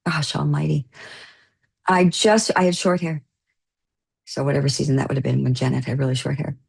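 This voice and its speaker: A middle-aged woman, an actor guest, telling an emotional story in an interview, gushing and tearful, her voice climbing high when moved. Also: steady tone, a little fast, gravelly, a little mellow, husky.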